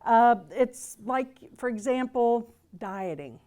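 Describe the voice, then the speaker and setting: A woman reverend speaks to a group in a relaxed, conversational sermon. Her voice sits slightly high, and she rambles warmly with fillers, restarts and easy laughter. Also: slow. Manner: chatty and loose, with many fillers and restarts, laughing easily. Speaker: reverend giving a talk. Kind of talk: casual spoken sermon with humor. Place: gathering room with a group.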